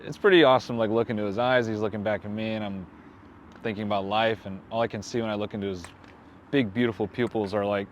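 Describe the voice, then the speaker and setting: A man's voice: fairly low pitch, steady tone, fast talker, a little hiss or hum. A man who is a comedian, guesting on a podcast and riffing in a self-deprecating way. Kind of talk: casual comedic chat.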